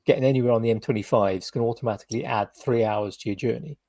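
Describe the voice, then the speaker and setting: A British man hosts a laid-back podcast, winding through his stories with endless "kind of" and "you know". His voice is slightly husky and recorded dry and close. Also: medium pitch, fairly even intonation, rapid-fire, mellow, no echo. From United Kingdom. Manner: rambling, full of "kind of" and "you know" hedges. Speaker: podcast host. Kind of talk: casual podcast chat.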